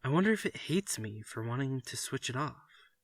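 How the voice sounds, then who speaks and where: A man's voice: mid-range voice, animated, normal speed, dry recording, clean studio sound. A man voicing a stern father who firmly lays down the law in a story reading. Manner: firm, emphatic declarations. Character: stern father, uneasy then firm and forceful.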